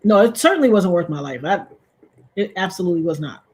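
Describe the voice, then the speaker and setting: A woman hosting a livestream, telling a personal story in a casual, animated way and jumping to loud, high exclamations. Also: fast, breathy edge.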